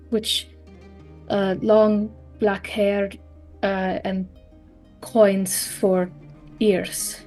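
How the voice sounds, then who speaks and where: A woman's voice: medium pitch, warm tone. A woman playing in a tabletop game, speaking hesitantly with restarts. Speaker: player. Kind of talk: in-character tabletop play.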